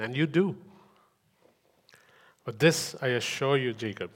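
A gentle, fatherly God speaks in a hushed, unhurried voice, as a preacher puts him on. The tone sits at an ordinary middle pitch. A long reverb trails each phrase through the hall. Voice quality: soft, hushed and slow.

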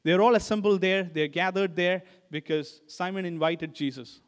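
High-voiced male preacher in a hall. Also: normal speed, clean tone. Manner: storytelling, addresses listeners as guys. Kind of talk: sermon. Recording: long hall reverb.

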